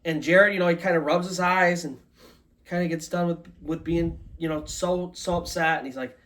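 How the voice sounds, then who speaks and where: Live storyteller, conversational ghost story, middle pitch, casual fillers. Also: fairly even intonation, normal speed, a bit bright. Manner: loose conversational telling with many "like" and "kinda".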